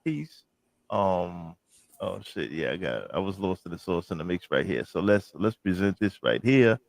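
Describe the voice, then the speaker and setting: A man's voice: low-pitched, animated, moderate pace, vocal fry, no echo. A man hosting a livestream, giving blunt, laughing commentary full of swearing. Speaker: livestream host. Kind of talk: casual profane commentary.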